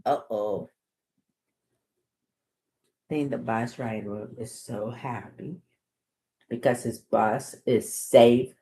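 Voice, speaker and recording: A woman's voice: very deep voice, fairly even intonation, takes it slowly, warm tone, slight background noise. A woman reading a children's book aloud, chatting and explaining words and lessons to young listeners. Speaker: storytime reader.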